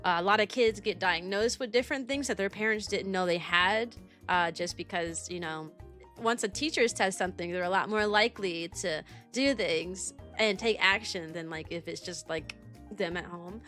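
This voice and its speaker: A woman's voice: medium pitch, moderate pace, faint music behind. A young woman streaming as a kindergarten teacher, chatting casually and animatedly with many fillers. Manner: rambling and animated, many fillers, laughs often. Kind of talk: casual livestream chat.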